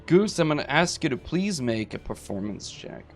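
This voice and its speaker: A man's voice: a little high, big pitch swings, moderate pace, soft background music. Man narrating as game master. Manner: vivid descriptive narration.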